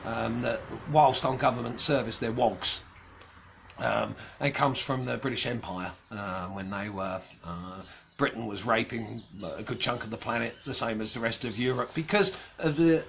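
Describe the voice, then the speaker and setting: A man's voice: medium pitch, gravelly, fairly bright tone, slight background noise. An Australian man rambling casually as he answers viewer comments on a livestream, chuckling, with many ums and restarts. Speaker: livestream host.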